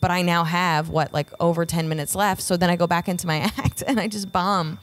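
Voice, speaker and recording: A woman stand-up comedian telling stories in a casual chat, jumping into high voices when she quotes people. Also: a little fast. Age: middle-aged. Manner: animated, acts out quotes with jumps in pitch. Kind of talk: casual podcast chat, storytelling.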